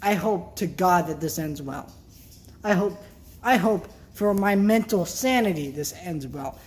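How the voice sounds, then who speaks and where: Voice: mid-range voice, expressive, measured pace. Upset vlogger ranting bluntly. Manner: worked up, blunt, swears, trails off into sighs. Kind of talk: casual vlog rant to camera.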